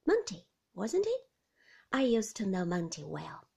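Woman voicing a flirtatious man, teasing, loud, breathy, slow. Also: medium pitch, huge pitch swings, full character voice. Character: cheeky, flirtatious man in sports car.

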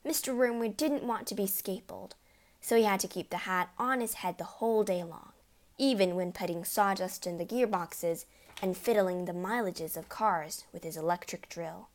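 A woman reads a storybook aloud in an expressive, lively manner. Her pitch sits in the middle range, and she keeps the telling animated and clear. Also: moderate pace. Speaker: narrator. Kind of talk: storybook reading.

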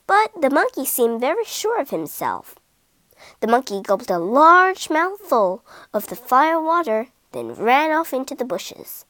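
A woman reading an animal story aloud for English learners, in a slow, clear and expressive way. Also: on the high side, no echo.

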